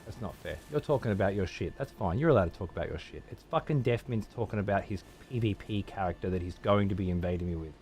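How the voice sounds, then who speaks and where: A man's voice: lowish voice, fast talker, hardly any pauses, a little mellow, soft background music. An Australian man streaming a game live, ranting and swearing heavily while he talks to his chat. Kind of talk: live gameplay commentary.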